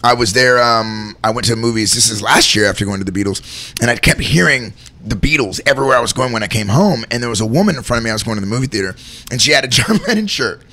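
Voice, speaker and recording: A man's voice: medium pitch, lively intonation, quick pace, sharp tone. A man telling heartfelt personal stories in a casual conversation, earnest and rambling, often saying "man" and "like". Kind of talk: candid storytelling in conversation.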